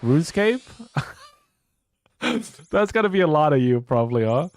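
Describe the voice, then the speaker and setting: A man's voice: on the high side, big pitch swings, a little slow, no echo, clean studio sound. A young man streaming a game, chatting casually with a stuffy nose, rambling and swearing often. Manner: rambling, swears a lot, restarts sentences. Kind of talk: casual live-stream chat.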